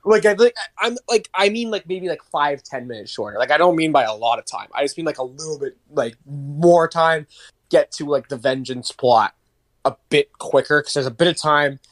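A young man talks loosely on a podcast in a voice set a bit high. He rambles, swears and pads with fillers. The sound is close and dry. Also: lively intonation, moderate pace, no echo. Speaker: podcast co-host. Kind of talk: casual chat.

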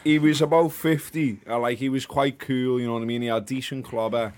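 A man of middling pitch talks through a match as a football podcast co-host. He sounds chatty and reflective and is easily amused. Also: fairly even intonation, a little fast, crowd noise. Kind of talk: casual chat, match review.

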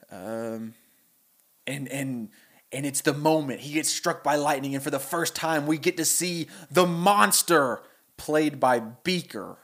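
Podcast co-host pitch: young man, higher voice, animated storyteller. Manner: animated storytelling, quick voice switches. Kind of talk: casual chat, pitching a story.

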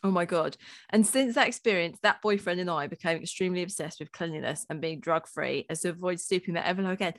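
A woman's voice: on the low side, fast talker. A woman co-hosting a podcast in casual chat, laughing often and swearing freely. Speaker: podcast co-host.

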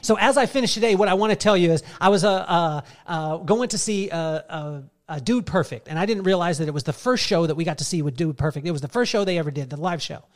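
Middle-aged guy, kinda high voice, pumped-up keynote speech telling stories on stage. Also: fast, hardly any pauses. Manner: energetic, emphatic, storytelling. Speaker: keynote speaker. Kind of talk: motivational speech. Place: live summit stage.

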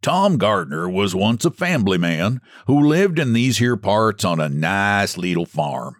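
A man doing a slow folksy backwoods guide. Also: on the low side, sing-song, no echo, studio quality. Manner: rustic dialect, slow and plain.

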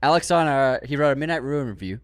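Animated man with a Boston accent. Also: mid-range voice, fast, no room sound, studio quality. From Boston area. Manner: animated, reads comments aloud with mock outrage. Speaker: podcast co-host. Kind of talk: casual chat.

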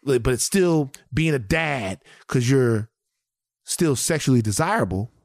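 A man's voice: mid-range voice, expressive, measured pace, gravelly, no echo, studio quality. A man co-hosting a podcast in casual chat, ranting in mock outrage and mimicking friends. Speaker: podcast co-host.

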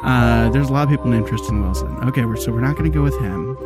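A man's voice: medium pitch, fast, loud music behind the voice. A middle-aged man co-hosting a podcast in casual chat, rambling and laughing often while he looks things up. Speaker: podcast co-host.

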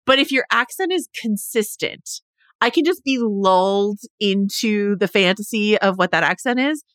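A woman's voice: medium pitch, animated, a bit bright, no room sound, studio quality. A woman co-hosting a casual pop-culture chat, chatty and playing out imagined dialogue. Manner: chatty, quick restarts, plays out imagined dialogue. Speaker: podcast co-host.

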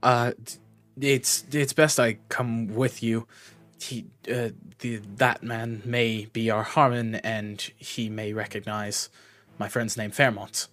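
A man playing a tabletop game, talking in an excitable, stammering way. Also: medium pitch, slow, soft background music. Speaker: player. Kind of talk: casual tabletop role-play.

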